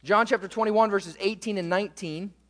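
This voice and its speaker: A man preaching a sermon as pastor, swinging between loud emphasis and quiet, low asides. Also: steady tone, a little fast, in a large hall.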